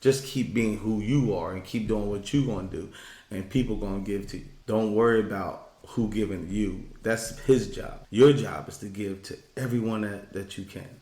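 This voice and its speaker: Low-voiced man preaching in an echoey room. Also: normal speed, dark tone. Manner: preachy, emphatic, acts out quoted voices. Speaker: podcast co-host. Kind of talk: casual faith-based chat.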